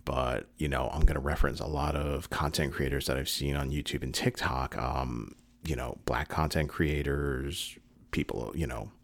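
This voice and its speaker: Rumbling low and gravelly, this man's voice keeps a steady tone and moderate pace through his casual video commentary. He rambles earnestly with many fillers and restarts, growing emotional and sometimes choking up.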